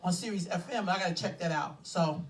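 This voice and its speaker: A woman co-hosting a casual talk show, chatty and animated, talking to listeners as y'all. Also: fairly low pitch, fairly quick, recorded from a distance. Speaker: podcast co-host. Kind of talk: casual chat.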